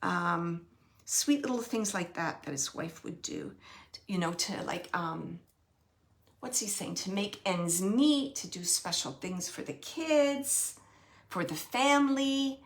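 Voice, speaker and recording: A woman working as a medium, relaying a spirit's messages in soft, halting phrases that often drop to a whisper. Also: lowish voice, animated. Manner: repeats phrases and pauses searching for words. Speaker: psychic medium. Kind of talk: channeling a spirit reading.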